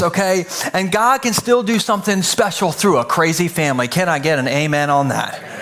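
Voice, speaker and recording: Upbeat pastor, man with a high voice. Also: fairly bright tone. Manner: playful, jokey, acts out little scenes in voices. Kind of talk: sermon. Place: church service before a live audience.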